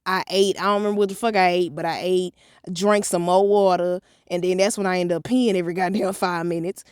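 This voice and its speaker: A woman vlogger telling a story from her own life in an animated, profane, blunt way. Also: on the low side, fairly quick, clear, resonant tone, no echo, studio quality. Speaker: motivational vlogger. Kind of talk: storytime vlog.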